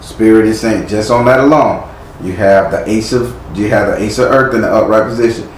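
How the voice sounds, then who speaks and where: A man's voice: fairly low pitch, a little fast. A man giving a live tarot reading, blunt and chiding with casual slang. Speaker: tarot reader. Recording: echoey room with faint noise.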